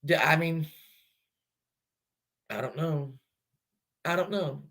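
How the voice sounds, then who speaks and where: A man's voice: on the high side, slow pace, fairly bright tone. A man hosting a true-crime channel who speculates aloud in a casual, rambling way, with many restarts and fillers, and who talks straight to his viewers.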